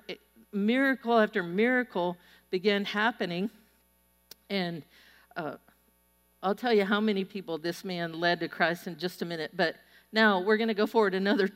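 A middle-aged woman preaching a sermon, telling stories with animated energy and urging her listeners on. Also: medium pitch. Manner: animated storytelling, exhorting the audience. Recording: long hall reverb.

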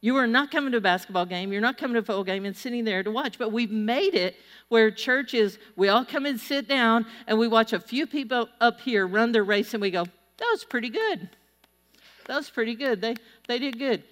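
A middle-aged woman preaching a sermon, telling stories with animated energy and urging her listeners on. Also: fairly high pitch, a little fast. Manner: animated storytelling, exhorting the audience. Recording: long hall reverb.

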